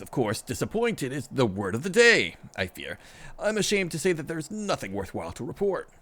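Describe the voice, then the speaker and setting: Male streamer as a worried, formal old scholar; lively intonation, slight stumbles. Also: mid-range voice. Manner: formal, archaic phrasing, occasional stumbles.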